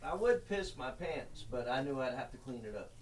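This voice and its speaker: A man's voice: mid-range voice, very animated, moderate pace, a little hiss or hum. A man hosting a podcast in casual, profane chat, rambling and stumbling over his words. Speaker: podcast host.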